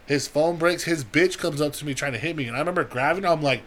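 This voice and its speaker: A man's voice: fairly high pitch, fast talker, fairly bright tone, a little hiss or hum. A young man telling a long, profane story on a podcast in casual chat, acting out the people he quotes. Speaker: podcast co-host.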